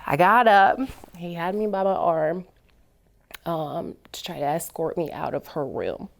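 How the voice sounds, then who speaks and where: A woman speaks in a somewhat low voice as a guest on a discussion panel. She recounts a personal experience earnestly, her telling swinging between hushed and heated. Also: animated, a little slow, gravelly. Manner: earnest, builds from quiet to heated retelling.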